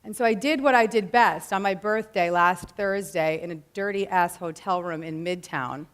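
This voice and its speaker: A woman's voice: on the low side, moderate pace. A woman in her thirties giving an earnest inspirational talk to a live audience, mixing casual slang with spiritual phrasing. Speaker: motivational speaker.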